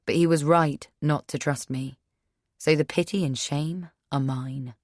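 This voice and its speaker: A woman narrating an audiobook in the first person, measured, subdued and sorrowful. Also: sits low, steady tone, darkish tone, dry recording, clean studio sound.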